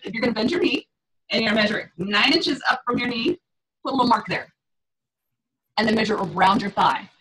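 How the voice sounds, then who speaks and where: Chatty middle-aged woman coaching a fitness group, kinda high voice, laughs a lot, faint hiss behind. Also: fairly bright tone, rough recording. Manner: chatty, laughs often, acts out clients' reactions.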